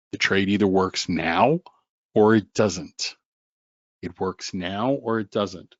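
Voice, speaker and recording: Guy hosting a trading webinar, slow and joky, dull lo-fi dry audio. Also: low voice, no room sound. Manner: joking, animated, talks to viewers by name. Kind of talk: live webinar teaching.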